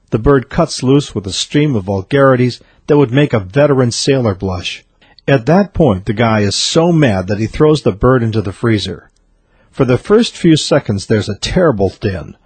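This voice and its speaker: A man reading a series of jokes aloud in a steady storytelling delivery. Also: mid-range voice, breathy edge, no room sound. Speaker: joke teller.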